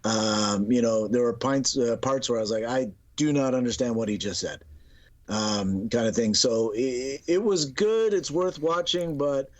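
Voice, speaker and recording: A man's voice: medium pitch, measured pace. A man co-hosting a podcast, reviewing a film in a rambling, casual way with many restarts. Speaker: podcast co-host. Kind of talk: casual movie review chat.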